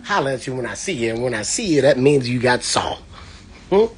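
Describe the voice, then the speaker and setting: A man, a comedian, streaming live from his home on his phone, loud and playful, swearing constantly and laughing between his lines. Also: mid-range voice, expressive, a little fast. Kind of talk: hyped, profane live-stream rant.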